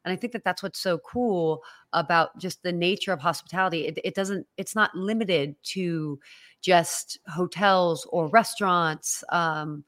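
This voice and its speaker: A woman's voice: fairly low pitch, measured pace, fairly bright tone, dry recording. A woman co-hosting a hospitality podcast, chatting casually and laughing easily. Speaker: podcast co-host. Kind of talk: casual chat.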